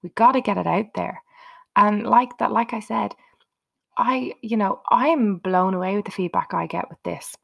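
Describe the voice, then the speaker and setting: A woman with a medium-pitched, gravelly voice hosts her own motivational podcast at a moderate pace. She speaks unscripted and earnestly, chatting directly to her listeners.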